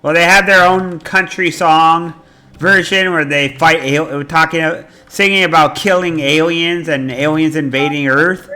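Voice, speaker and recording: A man chatting casually while he plays a game on a live stream, rambling in an animated way and swearing freely. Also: fairly high pitch, measured pace.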